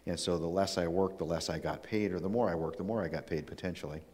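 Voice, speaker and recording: Male preacher, very low voice, earnest storytelling, reverberant hall. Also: fast talker, darkish tone. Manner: earnest, personal storytelling with frequent restarts. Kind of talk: sermon.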